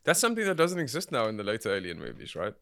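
A man's voice: fairly low pitch, racing, vocal fry, no echo. A man co-hosting a casual film podcast, laughing and swearing as he talks. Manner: laughing, swearing, lively asides. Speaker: podcast co-host.

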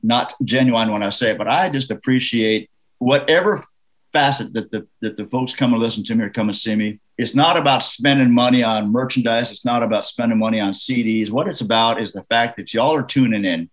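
A man from Canada, a musician guest in a casual interview, telling an anecdote in a lively, laughing way. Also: medium pitch, a little fast, rough recording. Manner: animated, laughing anecdote teller.

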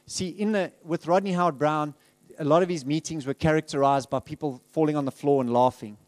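A man's voice: on the high side, steady tone, fairly quick, darkish tone, no echo. A middle-aged man giving a candid, conversational testimony as a guest speaker in a church, laughing often and restarting his sentences.

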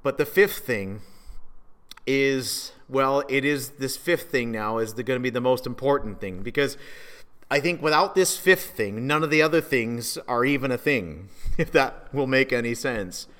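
A man's voice: medium pitch, animated, unhurried. Man preaching a sermon, emphatic and dynamic. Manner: emphatic preaching, swinging from hushed to loud. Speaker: pastor.

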